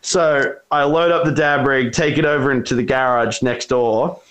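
A man's voice: medium pitch, fairly even intonation, moderate pace, a bit bright. A man casually telling a wild story, swearing constantly and acting out the voices in it. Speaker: storyteller guest.

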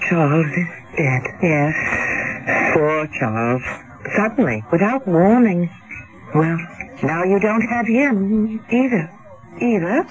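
An actress playing a cynical, worldly wealthy widow, arch and teasing, in a radio drama. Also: female voice, lowish voice, expressive, takes it slowly, long pauses, poor audio.

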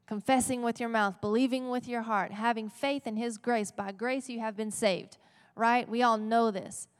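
Woman pastor, conversational sermon, brightish higher voice, church hall echo. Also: fairly even intonation, normal speed, clean tone. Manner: playful, conversational, often asking "right?". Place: church sanctuary. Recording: long church reverb.

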